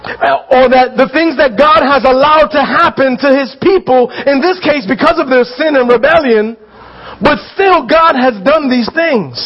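A man preaching a sermon as pastor, earnest and conversational, often checking in with his listeners, repeating and restarting phrases as he builds to loud pleas. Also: very high voice, normal speed, muffled recording.

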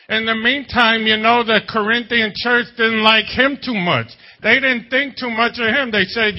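Male pastor, high voice, chatty sermon full of asides and questions, dull lo-fi sound. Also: fairly even intonation, measured pace, hardly any pauses. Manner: conversational preaching, jokes and rhetorical questions.

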